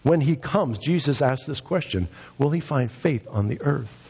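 Husky-voiced man preaching in a church. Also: animated, moderate pace, darkish tone, in a large hall, lo-fi sound. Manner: impassioned preaching, rising in pitch for emphasis. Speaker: pastor. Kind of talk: sermon. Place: church sanctuary.

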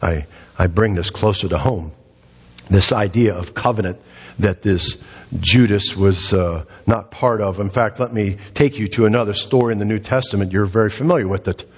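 A male pastor preaching a sermon, emphatic and repetitive, swinging his pitch up and down and short of breath. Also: moderate pace, husky, big-room sound, muffled recording. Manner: emphatic, repeats phrases, dramatic pitch swings. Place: church sanctuary.

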